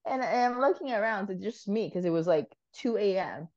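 A woman guest on a podcast telling a story in casual chat, animated, swearing freely and laughing often. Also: mid-range voice, brisk, dull audio.

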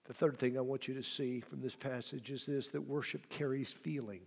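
A man preaching a sermon as pastor, swinging between loud cries and soft whispers, with a gravelly voice. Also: medium pitch, steady tone, normal speed, big-room sound.

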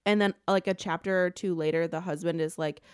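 A woman co-hosting a casual chat, retelling a book plot as an animated rant that is full of swearing. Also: fairly low pitch, a little fast, smooth, no echo, studio quality. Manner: animated ranting storyteller, swears freely.

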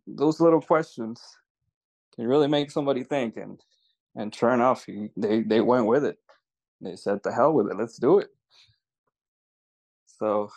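A man's voice: medium pitch, vocal fry, darkish tone, low-quality recording. A man in casual talk, telling a story at an easy pace, often restarting his sentences. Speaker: land investor.

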